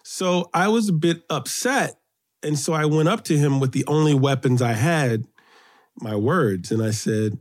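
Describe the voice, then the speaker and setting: A middle-aged man from Brooklyn, New York, guest in an interview, telling childhood stories in an animated way, his voice lifting when excited. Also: a little slow. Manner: animated storyteller, rises in pitch when excited. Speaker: guest, children's author and poet. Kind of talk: storytelling interview.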